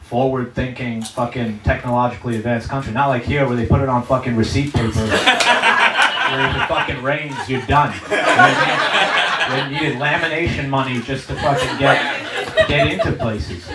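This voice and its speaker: A man's voice: medium pitch, heavy background noise. A man performing a stand-up comedy set, telling stories with lots of swearing and acting out the people in them. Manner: profane storytelling, acts out characters' voices. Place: comedy stage before a live audience. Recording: roomy stage sound, distant mic. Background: audience laughter and claps.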